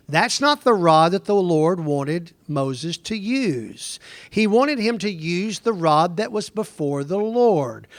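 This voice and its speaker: Middle-aged man, Bible lesson lecturer; high-pitched, conversational, quizzes the room, dry close recording. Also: fairly bright tone, dry recording. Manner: conversational, digressive, asks the class questions. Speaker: Bible teacher.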